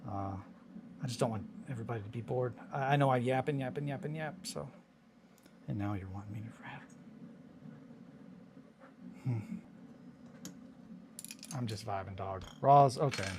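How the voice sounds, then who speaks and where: A man's voice: medium pitch, moderate pace, long pauses, noisy background. A man streaming a casual hobby chat, rambling and chatty, swearing casually.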